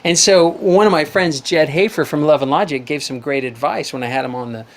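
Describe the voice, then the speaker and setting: A man's voice: fairly high pitch, brisk. A middle-aged man hosting a live advice call-in show over a video call, earnest and rambling, often restarting his sentences.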